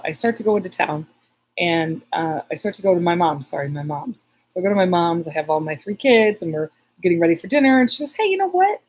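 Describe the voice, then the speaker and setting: A husky, slightly low-voiced woman chats on a live stream as a psychic medium. She rambles through her story with many restarts and stops to read viewers' comments aloud. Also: darkish tone, rough recording.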